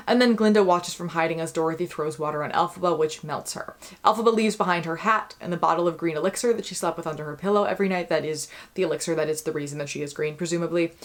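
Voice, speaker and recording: Quick-talking woman recapping a plot. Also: fairly low pitch. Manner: wry, quick, mimics characters in quoted asides. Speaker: video essayist.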